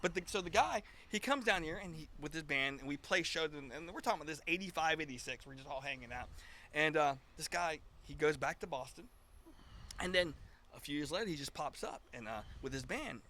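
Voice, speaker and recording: A man's voice: fairly high pitch, expressive, fairly quick, pushed and bright, slight background noise. A man in his fifties, a guest musician, telling stories in a casual chat, acting out quoted dialogue with frequent restarts.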